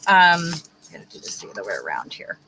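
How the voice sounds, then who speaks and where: A woman's voice: very deep voice, fast talker, slight background noise, low-quality recording. A woman co-hosting a craft livestream, chatting in a rambling way while she works. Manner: animated, rambling. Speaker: livestream co-host. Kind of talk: casual chat while crafting.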